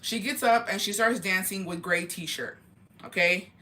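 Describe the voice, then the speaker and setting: A woman's voice: mid-range voice, sharp tone. A woman telling a story to her viewers as casual gossip, heated and full of swearing. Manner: profane, heated, rapid retelling.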